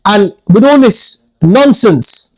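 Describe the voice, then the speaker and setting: A man's voice: high-pitched, lively intonation, takes it slowly, poor audio. A man hosting a podcast, telling stories in a casual, chatty way and addressing viewers as guys. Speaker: podcast host. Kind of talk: casual chat.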